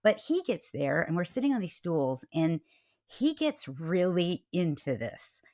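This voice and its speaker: A middle-aged woman guest on a podcast, telling a story in a lively, expressive way and acting out the quoted voices. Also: unhurried, no room sound, clean studio sound. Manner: expressive, acts out quoted voices with big pitch jumps. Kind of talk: animated storytelling interview.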